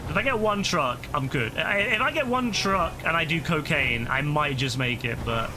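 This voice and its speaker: His voice fairly high and animated, a tired man streams a game at a moderate pace. He talks to himself and the game in frustrated exclamations, voice beginning to break, while clear game noise runs behind him.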